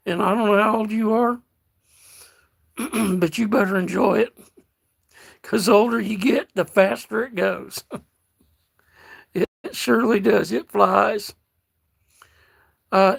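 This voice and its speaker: Slow gravelly older man, folksy. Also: sits high. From United States. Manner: slow, folksy, calls viewers darling. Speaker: livestream host reading chat. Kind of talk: casual livestream chat.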